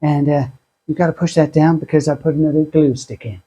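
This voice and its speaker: A man hosting a craft tutorial, chatty and self-deprecating, speaking in a husky put-on voice that sounds like a sore throat. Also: fairly high pitch, fairly even intonation, brisk, warm tone. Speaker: craft channel host.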